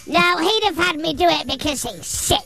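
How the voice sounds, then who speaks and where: Pitch-shifted little boy, cheeky and indignant, bright and sing-song. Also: expressive, moderate pace, vocal fry, faint music behind, exaggerated voice. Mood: serious. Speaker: radio host. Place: radio studio.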